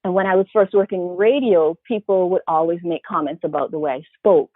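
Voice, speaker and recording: A woman with a faint Vincentian accent talks through her career as an interview guest, reflective and animated, now and then mimicking others. Her voice sits a little low. The sound is thin and phone-like, with a dry, close feel. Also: brisk, dry recording. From Saint Vincent and the Grenadines. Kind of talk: casual interview conversation. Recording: tinny phone-like call audio, dry.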